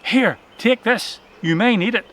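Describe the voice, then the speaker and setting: A man voicing a brave, brisk little male mouse in a children's storybook, speaking quickly and urgently. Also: sits high, fairly bright tone, voice pushed up.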